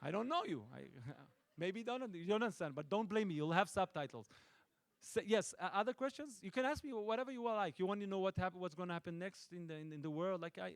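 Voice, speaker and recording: High-voiced Israeli man joking with an audience. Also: brisk, no room sound. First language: Hebrew. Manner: playful, self-interrupting, deadpan jokes. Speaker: film director. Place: stage at a film festival event.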